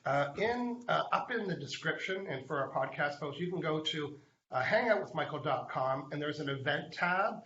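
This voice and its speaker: A man hosts a live show and tells a chatty story straight to the viewers. His voice is bright and forceful. The sound is roomy and a little dull. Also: fairly high pitch, expressive, moderate pace, slight background noise. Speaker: host. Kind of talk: live online show chat.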